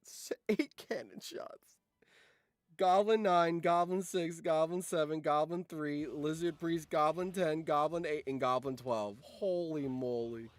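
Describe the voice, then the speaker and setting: A man's voice: a little high, fairly even intonation, a little slow, few pauses, dry recording. A man streaming and commenting on a game, reading out results, laughing often and swearing.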